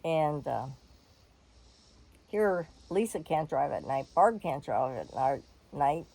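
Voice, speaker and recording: An older woman telling a personal story in a frank, animated way, laughing and swearing freely. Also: sits low, slow pace, vocal fry, poor audio.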